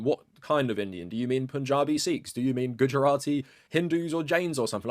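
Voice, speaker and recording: Male commentator, mid-pitch, chatty and filler-heavy, recorded dry and close. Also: expressive, fast talker, few pauses, no echo. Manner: conversational, with frequent fillers of "like" and rising stress on key points. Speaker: video commentator. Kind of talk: casual video-essay commentary.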